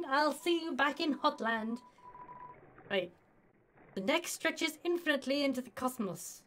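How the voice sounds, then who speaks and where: A woman's voice: sits high, lively intonation, moderate pace, fairly bright tone, a little hiss or hum. A woman hosting a gaming video, chatting casually and giggly as she plays. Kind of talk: casual game commentary.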